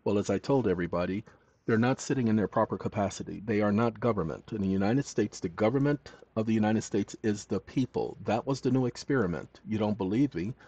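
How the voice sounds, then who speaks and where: A man hosting his own channel, talking straight to viewers in an emphatic monologue that swings between loud and hushed. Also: fairly low pitch, a little fast, no echo. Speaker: channel host. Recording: dull lo-fi, dry sound.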